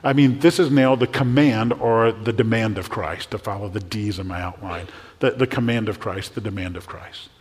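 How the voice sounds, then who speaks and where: A male pastor preaching a sermon in a church, animated, often acting out the voices he quotes and repeating words as he goes. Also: on the low side, moderate pace. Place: church sanctuary. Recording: long hall reverb.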